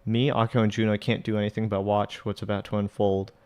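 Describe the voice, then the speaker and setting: A man with a lowish, darkish, smooth voice reads and translates a visual novel aloud at a quick pace with flat delivery. He's a let's play narrator, casual in manner, tossing in swearing asides between the lines he reads.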